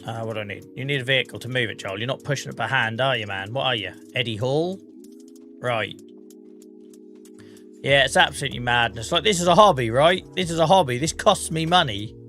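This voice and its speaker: A chatty man from the UK with an English regional accent, a bit under the weather, talking on a live stream. His voice is bright and forward, with faint music playing behind him. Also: medium pitch, brisk. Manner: chatty, laughs often, British slang. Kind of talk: casual live-stream chat.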